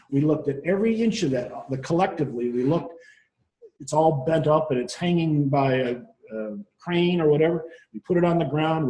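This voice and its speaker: A man delivers a conference presentation in a loose, conversational way, often restarting his sentences. His voice sits a little high yet sounds mellow. The room around him is echoey. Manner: conversational, with frequent restarts and fillers. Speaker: marine surveyor speaking at a workshop.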